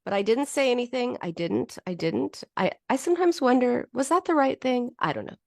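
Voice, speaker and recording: Animated, lively woman psychologist. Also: fairly high pitch, brisk, creaky, no room sound, studio quality. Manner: animated, acts out quoted voices, frequent restarts. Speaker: psychologist and podcast host. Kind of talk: casual teaching monologue with anecdotes.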